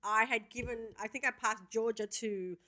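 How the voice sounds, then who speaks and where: Animated woman, bright voice. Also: a little high, normal speed. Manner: animated storyteller, swears freely. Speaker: podcast co-host. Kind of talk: casual chat.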